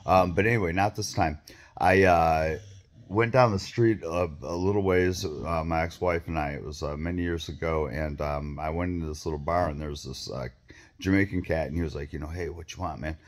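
A man's voice: deep voice, fairly even intonation, moderate pace. A man telling a rambling, profane story to camera, full of fillers, restarts and asides. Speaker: vlogger.

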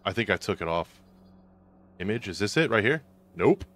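A man's voice: lowish voice, very animated, normal speed, fairly bright tone. A man streaming a video game, chatting casually, joking and reading out viewer messages as he plays. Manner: joking, chatty, reacts aloud to the game and reads out chat. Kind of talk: casual gameplay commentary. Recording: game music playing underneath.

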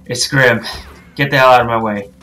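A young woman playing a video game and commenting, cursing and yelling at the screen in frustration. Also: extremely low pitch, steady tone, moderate pace, faint music behind. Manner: frustrated, swears a lot, yells at the game. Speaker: gaming channel host. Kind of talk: let's play commentary.

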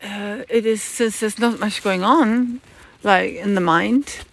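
A woman's voice: medium pitch, takes it slowly, gravelly. A woman hosting a live stream, musing in a rambling way and stopping often to search for words. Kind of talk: casual live-stream monologue answering chat.

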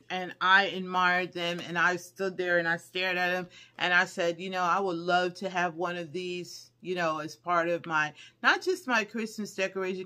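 A middle-aged woman, chatting excitedly through a shopping haul video and squealing with delight. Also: fairly low pitch. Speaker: haul vlogger. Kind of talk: casual haul video chat.

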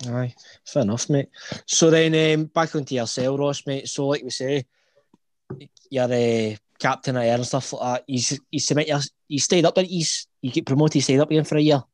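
A man's voice: medium pitch, fairly even intonation, fairly quick. A Scottish man hosting a podcast, chatting casually and calling his guests "mate". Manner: chatty, calls people "mate". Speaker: podcast host. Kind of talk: casual chat.

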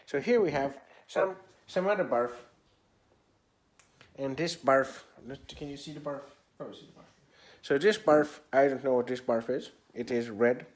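A man's voice: medium pitch, measured pace. A man casually narrating his own vlog like a mock tour guide, talking in a put-on accent he can't place. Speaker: comedian vlogger.

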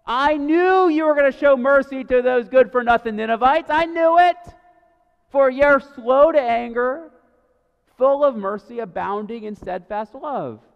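Preacher putting on a sulky prophet in full tantrum, shrill, loud and whining, in an echoing church. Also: male voice, measured pace, vocal fry, clear, resonant tone, full character voice. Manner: whining, petulant. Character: whiny sulking prophet, grown man acting like a toddler. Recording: dull sound with long church reverb.

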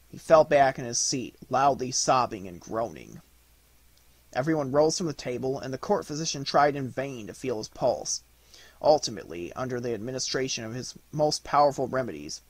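Lively husky male storyteller. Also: mid-range voice, dry recording. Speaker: audiobook narrator. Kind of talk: storybook narration.

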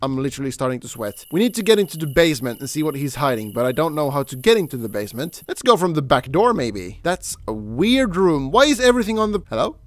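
Jumpy gamer man with a lively voice. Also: a little high, fast talker, few pauses, dry recording. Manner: jumpy, swears, shouts at the game character. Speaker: gameplay commentator. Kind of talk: casual let's play commentary.

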